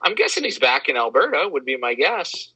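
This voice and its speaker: Guy from western canada chatting, husky, super bright tone, dry close sound. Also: fairly high pitch, brisk, no room sound, low-quality recording. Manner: animated, self-deprecating storyteller. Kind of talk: casual storytelling chat.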